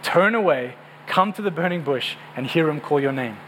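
A man's voice: fairly high pitch, expressive, normal speed, fairly bright tone, slight background noise, low-quality recording. A male pastor giving a sermon to a congregation in a room, in an earnest, conversational way that often repeats words.

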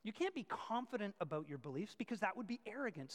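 A male pastor preaching a sermon, switching between loud emphatic points and quiet asides. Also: sits high, sing-song, fast talker, big-room sound.

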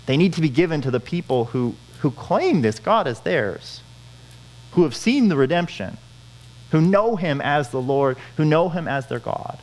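A man's voice: fairly high pitch, animated, normal speed, poor audio. A man preaching a sermon, earnest, repeating key phrases for emphasis. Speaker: pastor.

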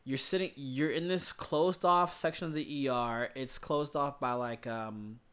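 A man's voice: mid-range voice, measured pace, fairly bright tone, clean tone. A man who works as an emergency room nurse, talking in a rambling, profane, casual way about his shifts. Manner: rambling, profane, many fillers. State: tired. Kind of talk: casual podcast chat.

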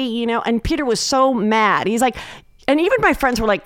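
Woman comedian, animated storyteller, smooth tone, dry close podcast sound. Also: high voice, brisk, no room sound. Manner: animated storytelling, acting out quoted voices. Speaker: comedian guest. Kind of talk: casual podcast chat. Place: podcast studio.

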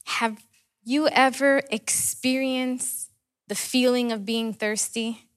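Higher-pitched woman preaching with questions. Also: fairly even intonation, slow. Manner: rhetorical questions and repetition. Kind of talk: sermon.

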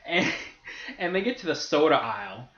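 A man's voice: fairly high pitch, normal speed. Profane young man telling stories. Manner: profane, animated storytelling with laughter. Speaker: podcast co-host. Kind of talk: casual storytelling chat. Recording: roomy, dull lo-fi podcast audio.

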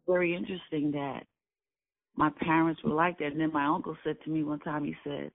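Older man from Brooklyn, creaky and tinny. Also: on the high side, flat delivery, brisk, dry recording. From Brooklyn, New York. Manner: earnest, emphatic storyteller who repeats key phrases. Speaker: oral history interviewee. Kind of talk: personal recollection in an interview. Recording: dry, tinny phone-like line.

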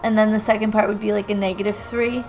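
A woman's voice: mid-range voice, flat delivery, fast talker, creaky, darkish tone, soft background music, poor audio. A woman co-hosting a casual podcast, joking and swearing as she rates a horror movie. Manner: joking, laughing, swearing, fillers. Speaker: podcast co-host. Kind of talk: casual movie review chat.

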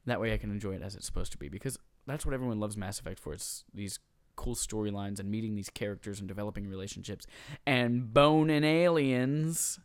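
A man's voice: fairly low pitch, fast talker, a little mellow, no echo. A man co-hosting a casual chat show, joking and bantering. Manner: playful, jokey banter. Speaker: podcast co-host.

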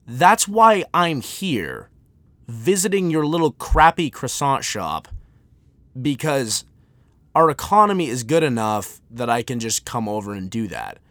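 An American man hosting a podcast, ranting off the cuff in an animated, sarcastic way, full of restarts. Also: mid-range voice, a little slow, no echo. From United States. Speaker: podcast host. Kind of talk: unscripted comedic rant.

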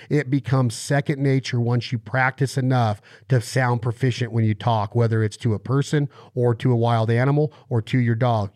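Fast-explaining podcast host, dry sound. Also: male voice, medium pitch, darkish tone, no echo. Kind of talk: casual podcast interview.

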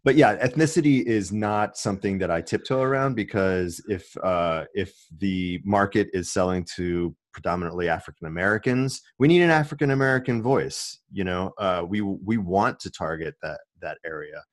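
A man who works as a commercial producer and voice-over artist, explaining his work in a relaxed, casual interview. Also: deep voice, normal speed, hardly any pauses, no room sound. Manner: relaxed, explanatory, many restarts.

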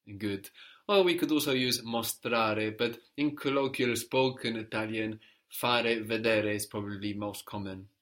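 A man teaches a language lesson, patiently prompting his student and explaining grammar step by step. His voice is on the low side, fairly bright, and measured in pace.

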